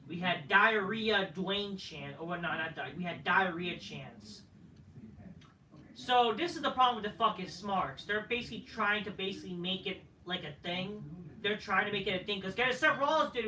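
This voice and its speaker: A man rants about a wrestling show, heated and mocking and swearing constantly. His high voice is pushed and bright, the recording roomy and distant from the mic with a little hiss or hum.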